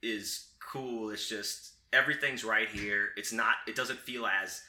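A man's voice: fairly low pitch, steady tone, unhurried, sharp tone, a little hiss or hum. A man hosting a casual chat, bantering in a loose, joking, profane way. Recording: echoey room.

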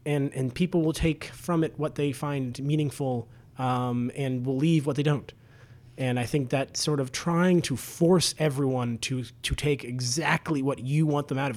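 A man co-hosting a casual storytelling podcast. He talks in a loose, rambling way and keeps circling back with fillers and restarts. His voice sits at an ordinary middle pitch. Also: normal speed, darkish tone. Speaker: podcast co-host.

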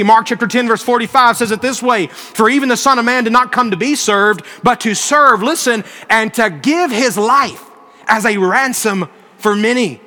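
High, bright-voiced preaching man. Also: normal speed, big-room sound. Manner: earnest storytelling with emphatic rises. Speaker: pastor. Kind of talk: sermon.

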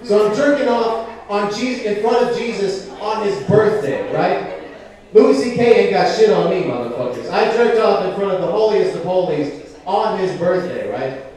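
A man's voice: high voice, animated, moderate pace, a little mellow. A young man doing a rambling, profane stand-up comedy set with frequent asides. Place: comedy club stage. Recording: echoey club from a distance.

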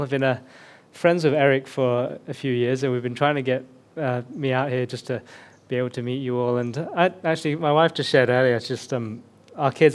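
A man from England with a lightly suppressed Birmingham accent, giving a chatty, self-deprecating sermon as a guest pastor on a headset mic. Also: mid-range voice. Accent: Birmingham, mostly suppressed. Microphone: headset mic slipping off.

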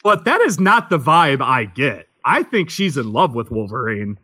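A man with a bright, lively voice swings up and down in pitch as he shares blunt opinions on a film. He sounds animated and talkative in a relaxed podcast chat. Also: normal speed, husky. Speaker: podcast co-host. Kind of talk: casual movie discussion.

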